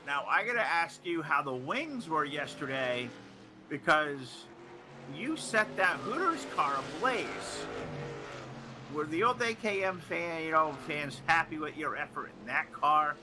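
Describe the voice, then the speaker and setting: A man's voice: fairly high pitch, expressive, measured pace, noisy background. A man calling a sim truck race as commentator, with joking, sardonic banter. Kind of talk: play-by-play sim racing commentary.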